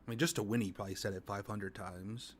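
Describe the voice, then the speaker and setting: A man's voice: lowish voice, steady tone, fast talker, a little hiss or hum. A man hosting a stream and reacting to clips with dry, mocking commentary.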